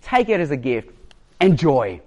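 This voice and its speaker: A man voicing a calm, generous village barber in a told joke, repeating the same kind offer. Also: on the high side, unhurried.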